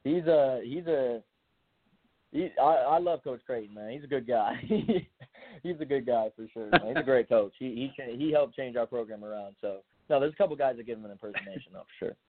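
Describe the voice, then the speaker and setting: A man's voice: mid-range voice, brisk, slight background noise. A young man, a college football player, answering interview questions in a laid-back way with many fillers. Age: young adult. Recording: dry tinny phone line.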